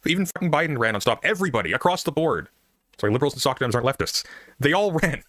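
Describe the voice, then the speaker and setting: A man arguing on an online panel debate. He talks extremely fast and makes sweeping claims. His voice sounds dry and close, with no room around it. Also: mid-range voice, lively intonation, fairly bright tone, dry recording.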